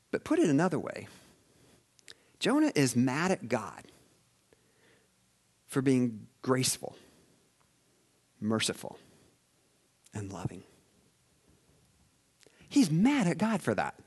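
A man preaching a sermon as a pastor, swinging between loud emphasis and hushed asides. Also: mid-range voice, huge pitch swings, slow pace, long pauses, slightly rough.

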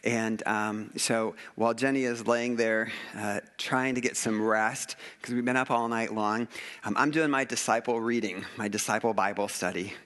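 A man's voice: on the low side, fairly even intonation, moderate pace, a bit bright. A middle-aged man telling a family story in an earnest, rambling way, with many fillers and restarts. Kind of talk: casual heartfelt storytelling.

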